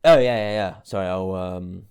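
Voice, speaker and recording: A man from England hosts a loose, casual podcast conversation in a lowish voice. He laughs often and talks haltingly, restarting sentences as he goes. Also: darkish tone, clear, resonant tone. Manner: giggly, hesitant, lots of restarts. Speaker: podcast host. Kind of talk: casual chat.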